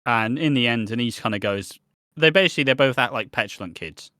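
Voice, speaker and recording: A man's voice: mid-range voice, expressive, fairly quick, sharp tone, no echo, clean studio sound. A man co-hosting a podcast, rambling through a soap recap and swearing freely. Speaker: podcast co-host. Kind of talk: casual chat recapping a soap.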